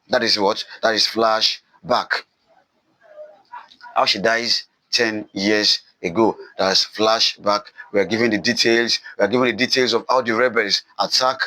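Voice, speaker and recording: Man, literature teacher, bright tone, dry close sound, emphatic and repetitive. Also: mid-range voice, no echo, low-quality recording. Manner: repetitive, emphatic, asks questions and answers them himself. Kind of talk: recorded literature lesson.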